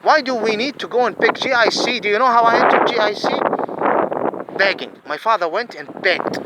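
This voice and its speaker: A man's voice: sits high, lively intonation, fairly quick, heavy background noise. A man, giving an angry, profane monologue full of repeated, emphatic questions. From Saudi Arabia.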